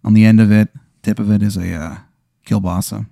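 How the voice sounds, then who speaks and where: A man's voice: fairly low pitch, little pitch movement, brisk, creaky, mellow, no echo, clean studio sound. Man spinning a rambling comic tale. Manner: rambling, lots of fillers. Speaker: podcast host. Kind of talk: improvised comedy storytelling.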